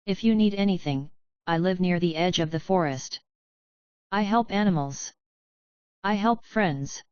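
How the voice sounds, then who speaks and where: A woman voicing a gentle, shy female pony who cares for animals. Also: mid-range voice, unhurried, smooth, dry recording, highs cut off, close to an everyday voice.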